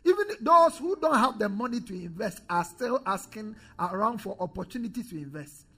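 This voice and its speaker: A pastor preaching a sermon, calling on the congregation to repeat phrases, swinging from loud declarations to low quiet asides. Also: male voice, lively intonation, moderate pace, husky. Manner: preaching with call-and-response to the congregation.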